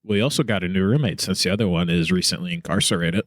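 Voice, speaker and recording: A man with a slightly low voice hosts a casual podcast, ribbing his guests with jokes. His voice is close and dry, with no room sound around it. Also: fast talker, no echo. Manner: joking, teasing banter. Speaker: podcast host.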